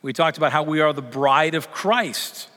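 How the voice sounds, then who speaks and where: A man preaching a sermon as pastor, telling a joke with lively voices before turning earnest. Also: a little high, normal speed, long reverb tail.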